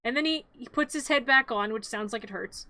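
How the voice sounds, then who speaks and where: A woman's voice: a little high, a little fast, pushed and bright, no room sound. A woman streamer casually and comically narrating her own drawings, rambling, giggling and talking back to them.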